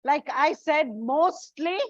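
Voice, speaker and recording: Female English teacher, high voice, slow and deliberate delivery, dull lo-fi recording. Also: dry recording. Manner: slow, deliberate, addresses students as children. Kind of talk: classroom lesson.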